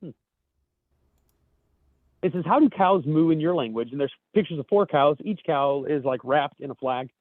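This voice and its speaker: A man's voice: fairly high pitch, lively intonation, moderate pace, long pauses, dry recording. A man co-hosting a podcast, reading memes aloud in casual chat, loose and swearing, laughing at his own jokes. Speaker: podcast co-host. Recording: dry, tinny phone-like audio over a call.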